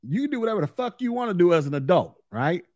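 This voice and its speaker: A man's voice: sits high, sing-song, quick pace, a little mellow, dry recording, studio quality. A man hosting his own opinion podcast, talking bluntly and profanely in a heated rant. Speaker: podcast host. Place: recorded in Florida.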